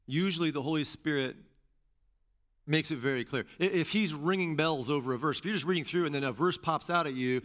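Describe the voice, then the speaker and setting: A man's voice: on the high side, fairly quick. Man preaching with repeated emphatic phrases. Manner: repeats phrases for emphasis, rising to loud stresses. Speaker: pastor and teacher. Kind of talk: sermon.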